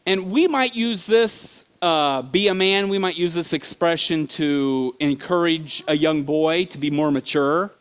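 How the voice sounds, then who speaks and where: A middle-aged man preaching in a church, telling stories with animated bursts, sudden shouts and laughter. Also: a little high, measured pace, hardly any pauses, clear, resonant tone. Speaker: pastor. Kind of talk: sermon.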